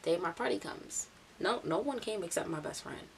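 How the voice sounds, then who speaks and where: A young woman vlogger telling a casual storytime story in a chatty, lively way, acting out what others said. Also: on the low side, normal speed, vocal fry. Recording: distant mic with steady hiss.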